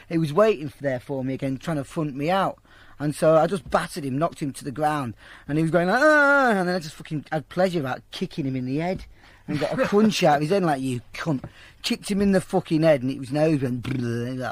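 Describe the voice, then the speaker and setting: Fast-talking, foul-mouthed man. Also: on the high side, no room sound. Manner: blunt, profane, animated storytelling. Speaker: storyteller. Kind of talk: casual anecdote told to an interviewer.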